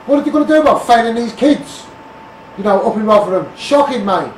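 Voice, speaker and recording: A man's voice: sits high, animated, a little fast, echoey room, recorded from a distance, a little hiss or hum, poor audio. A man with a Scouse accent from the Liverpool area, ranting bluntly on a phone live stream and calling everyone mate. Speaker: Facebook Live campaigner.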